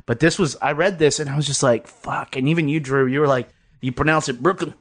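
A man's voice: fairly high pitch, quick pace. A man hosting a podcast in a basement, talking casually in a rambling way with frequent swearing and laughs. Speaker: podcast host. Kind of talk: casual chat.

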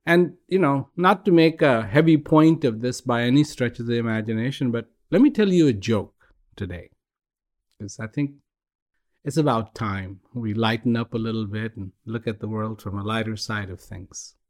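A man giving a calm, reflective talk, gently telling a joke and repeating phrases as he goes. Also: medium pitch, moderate pace.

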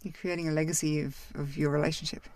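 A woman in easygoing podcast chat, with a low voice for a woman. She sounds reflective and laughs easily. The recording is dry and close, with no room sound. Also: flat delivery, quick pace, darkish tone, no echo. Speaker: podcast co-host.

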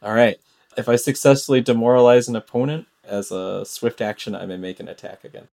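A player in a tabletop role-playing game who calls out dice rolls and works through attack rules. The voice sits at an ordinary middle pitch. The delivery is enthusiastic and quick to jump into the action. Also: steady tone, creaky, warm tone. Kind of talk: casual tabletop play.

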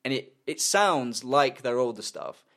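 A man's voice: mid-range voice, expressive, unhurried, fairly bright tone. A young man co-hosting a podcast, telling a long story in loose casual chat and swearing freely. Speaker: podcast co-host.

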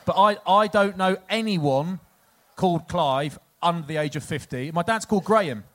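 A man's voice: high-pitched, moderate pace. An English man in his forties, a former rugby player, telling long, rambling comic anecdotes to a live audience and laughing at his own stories. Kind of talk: live comedic storytelling.

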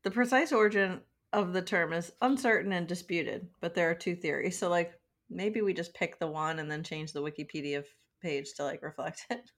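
A woman's voice: lowish voice, fairly even intonation, brisk. A woman co-hosting a podcast in casual chat, dry and sarcastic in manner. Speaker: podcast co-host.

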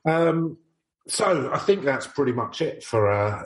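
A man's voice: medium pitch, big pitch swings, unhurried, a bit bright. A man co-hosting a casual comedy podcast, who reads old articles aloud in a playful, stiff old-fashioned voice. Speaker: podcast co-host.

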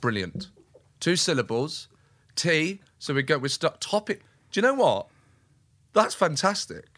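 A man's voice: fairly high pitch, big pitch swings, unhurried, a bit bright, no echo. A man speaking as a comedian guest in a casual interview chat, enthusiastic and rambling, acting out little scenes as he talks.

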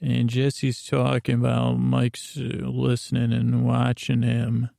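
Very gravelly, flat-voiced drowsy man. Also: mid-range voice, no room sound, clean studio sound. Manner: meandering, hesitant, full of asides; drowsy, unhurried. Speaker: podcast host. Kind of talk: rambling bedtime recap.

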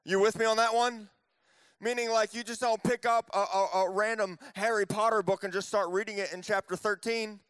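A high-pitched man in his thirties preaches in a relaxed, conversational way, slipping into playful voices as he retells the story. The sound is dry and close, with no room echo around him. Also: a little fast, clean tone. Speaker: pastor. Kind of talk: casual conversational sermon.

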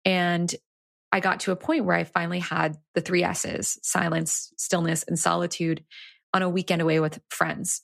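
A woman's voice: on the low side, gravelly, no echo, clean studio sound. A woman, an executive coach and author, telling a story in an earnest, reflective way as an interview guest.

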